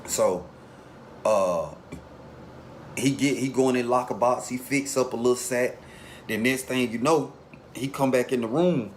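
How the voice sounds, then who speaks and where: Guy telling a prison story real laid back, middle pitch, bit of hiss behind. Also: a little slow, long pauses. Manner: laid-back street storytelling, acts out quotes. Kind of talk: casual storytelling.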